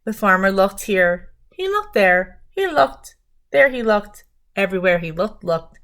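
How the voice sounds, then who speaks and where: A woman's voice: medium pitch, sing-song, measured pace. Woman reading a picture book aloud. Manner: gentle, talks to young listeners while showing pages. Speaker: reader of a children's book.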